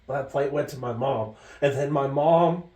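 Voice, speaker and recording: A man's voice: medium pitch, unhurried. A man co-hosting a podcast, telling a story casually and animatedly. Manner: animated, laughs through the story. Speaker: podcast co-host. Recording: roomy echo, mic far off.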